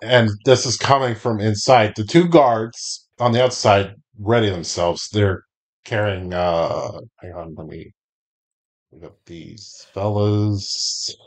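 A man acting as game master, narrating a tabletop game unhurriedly and pausing to check his notes. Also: fairly low pitch. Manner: unhurried, describes scenes with pauses to check notes.

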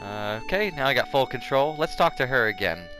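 Male gameplay host, chatty and self-deprecating; mid pitch, with game music running behind. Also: sing-song, fairly quick, rough recording. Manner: rambling, chatty, laughs at himself. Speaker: let's play host. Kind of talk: casual gameplay commentary.

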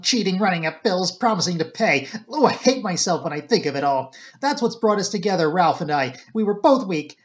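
A man's voice: high-pitched, pitched above the performer's own voice. A man voicing an anxious, guilt-ridden young woman who speaks in an agitated, raised voice. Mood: anguished.

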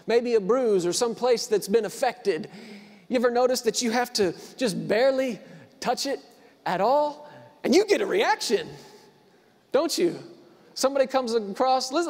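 A man in his thirties preaching a sermon, repeating phrases for emphasis and swinging from quiet to loud. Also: very high voice. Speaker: pastor. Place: church hall. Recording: long reverb of a large hall.

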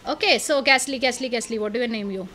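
An excitable woman narrates her own gameplay, her voice pitched high and ringing bright. She thinks out loud, trailing off in fillers and restarts. Soft game music runs underneath. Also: fast talker. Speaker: let's play gamer. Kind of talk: casual game commentary.

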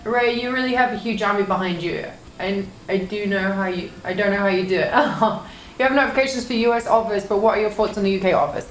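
A woman's voice: medium pitch, fast, echoey room, a little hiss or hum. A young woman streaming live, reading her chat aloud with swearing and lots of laughter. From United Kingdom.

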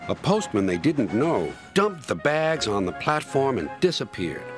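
A man narrates a children's train story in a steady, storytelling manner. His pitch moves very lively through the lines. Clear music plays under his voice. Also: measured pace.

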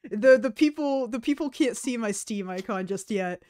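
A woman's voice: fairly high pitch, expressive, moderate pace, darkish tone, dry recording. A young woman streaming, chatting casually with friends and often laughing as she talks. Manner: giggly, chatty, breaks into laughter.

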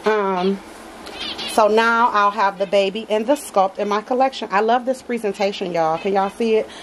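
A woman's voice: medium pitch, moderate pace, a little hiss or hum, low-quality recording. A woman chatting casually to her viewers in a home nursery as she unboxes a doll, gushing and affectionate and often calling them y'all. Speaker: reborn doll collector vlogger.

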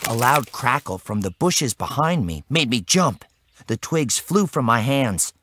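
Male narrator, first-person children's story, expressive, lively pitch, bright tone. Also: unhurried, soft background music. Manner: expressive and animated. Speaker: audiobook narrator.

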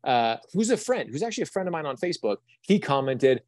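A young man telling a story as a guest in an interview, earnest and animated, with frequent restarts. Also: medium pitch, moderate pace, no echo.

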